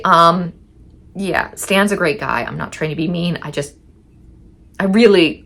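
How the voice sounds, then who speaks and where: A young woman telling a candid, profane personal story in casual chat, with halting restarts and quoted asides. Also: low-pitched, bright, forceful tone.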